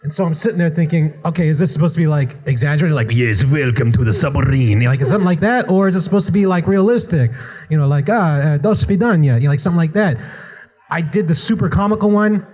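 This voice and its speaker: Mellow-voiced man telling a panel story. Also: on the high side, fast talker. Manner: easygoing storyteller, self-deprecating. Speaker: voice actor panelist. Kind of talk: convention panel talk. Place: convention hall.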